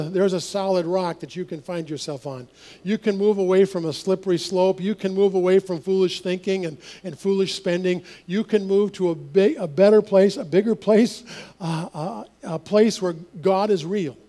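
Male pastor, anecdotal sermon delivery, high but warm voice. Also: steady tone, normal speed. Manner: anecdotal, chuckling, repeats words. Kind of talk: storytelling sermon.

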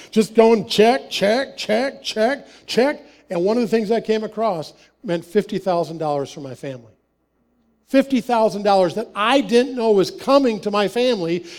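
A man with a noticeably high voice delivers a sermon built on personal anecdotes. He talks like he's chatting with the congregation, laughing easily and slipping into the voices of the people in his stories. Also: mellow. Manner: conversational, laughs often, acts out dialogue. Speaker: preacher.

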